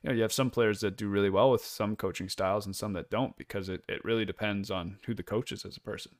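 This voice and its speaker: A man with a fairly low voice co-hosts a sports podcast. He talks in a blunt, animated way and laughs often. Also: fast talker. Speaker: podcast co-host. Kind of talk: casual sports podcast chat.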